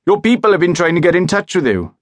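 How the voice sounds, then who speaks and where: A man voices a brusque, impatient forestry worker who shouts every line. The voice sits high and strained against the narrator's low register, loud and pushed, in a dry, close audiobook read. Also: sing-song, quick pace, no echo. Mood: exasperated. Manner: shouting, exasperated.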